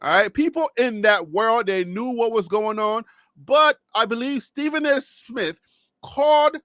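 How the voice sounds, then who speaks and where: A man hosting a casual sports talk show from his home studio, excited and slangy, repeating himself and laughing often. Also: extremely high pitch, a little slow, dry recording.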